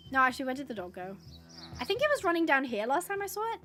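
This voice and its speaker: A woman streaming live gameplay, chatting to the viewers and the game animals and getting excited. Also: sits high, rapid-fire, soft background music. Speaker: gaming streamer.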